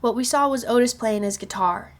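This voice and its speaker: A woman narrating a children's novel aloud in a calm, even storytelling manner. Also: fairly high pitch, fairly quick. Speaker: reader.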